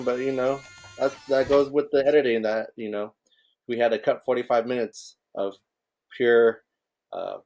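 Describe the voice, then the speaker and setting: A man's voice: mid-range voice, darkish tone. A man co-hosting a casual film podcast, talking hesitantly with many restarts. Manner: hesitant, lots of fillers and restarts. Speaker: podcast co-host.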